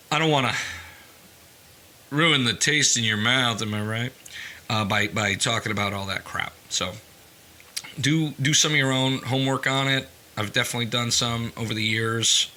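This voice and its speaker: Bright-voiced chatty New farmer. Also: male voice, fairly low pitch, a little hiss or hum. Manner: chatty storytelling, jokey asides. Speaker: farmer and podcast host. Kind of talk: casual podcast monologue.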